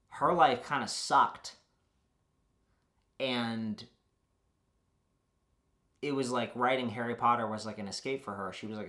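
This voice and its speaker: A man's voice: medium pitch, sharp tone. A young man, a YouTuber, giving a rambling, joking recap that is full of swearing.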